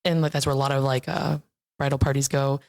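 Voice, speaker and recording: A young woman from Iowa, a guest on a podcast, telling improv stories in a bubbly, animated way and laughing often. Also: a bass voice, quick pace. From Iowa, USA. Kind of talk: casual chat.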